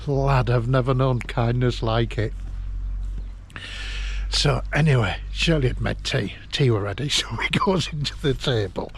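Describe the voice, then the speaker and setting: A man, telling a personal memory in a halting, emotional way and laughing through it, recorded outdoors in a garden. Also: mid-range voice, slightly rough. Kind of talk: casual storytelling.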